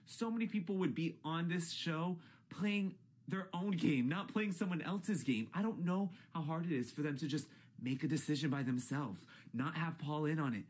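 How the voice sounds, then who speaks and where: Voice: medium pitch, moderate pace, darkish tone, husky. A YouTuber in a profane, exasperated rant about a reality TV show, swinging from grumbling to shrieks. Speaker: YouTube ranter.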